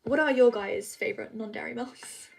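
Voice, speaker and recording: Chatty British woman with a higher voice. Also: normal speed, creaky, rough recording. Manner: chatty and apologetic, reads comments aloud. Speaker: livestreamer answering viewer comments. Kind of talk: casual live chat. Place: home, at night.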